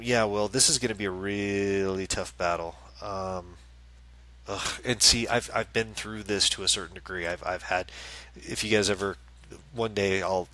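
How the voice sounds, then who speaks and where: A man's voice: deep voice, pushed and bright, poor audio. A man hosting a live-stream as a psychic medium, chatting casually and reassuringly, with many fillers and restarts. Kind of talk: casual live-stream chat, reading viewer questions.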